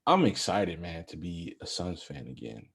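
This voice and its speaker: A young man co-hosting a podcast, chatting about basketball in a casual, animated, rambling way. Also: deep voice, normal speed, husky. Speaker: podcast co-host. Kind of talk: casual sports chat.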